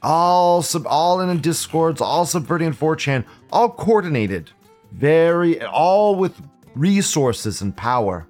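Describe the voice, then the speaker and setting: A man's voice: on the high side, expressive, slow, a little mellow, faint music behind. A man hosting a live online show, talking in a rambling, profane and mocking way. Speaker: host. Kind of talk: casual live commentary.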